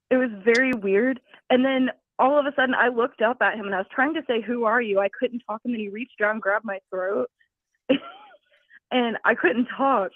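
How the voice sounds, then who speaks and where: A woman's voice: on the high side, normal speed, no echo. Giggly woman caller on a tinny phone line. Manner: giggly, scattered, apologetic. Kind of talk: telling a personal story on a call-in.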